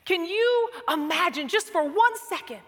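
Slow, high-voiced woman preaching a sermon. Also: animated, a bit bright, long reverb tail. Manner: slow, dramatic delivery dropping to a whisper.

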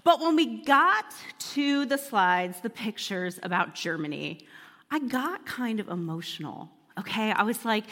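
A woman pastor telling a personal story in an animated, humorous sermon, laughing as she goes. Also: fairly high pitch, a little slow, long reverb tail.

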